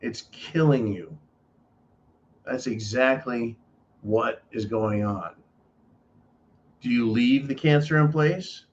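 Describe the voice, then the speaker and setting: A man's voice: medium pitch, slow pace, pauses often, dull audio, a little hiss or hum. A man hosting a political commentary show, delivering an emphatic, profane ranting monologue with lots of repetition.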